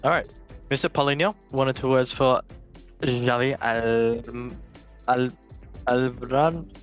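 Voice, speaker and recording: A man's voice: medium pitch, takes it slowly. Man, football news host, casual chat, jokey asides, faint music behind. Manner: jokey, reads headlines with asides and stumbles. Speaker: show host.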